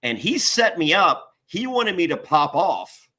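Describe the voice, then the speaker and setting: A man in casual chat, telling a story with energy, swearing freely and jumping up high to act out what others said. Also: a little slow. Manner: animated, swears, acts out other people's lines in high voices. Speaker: guest.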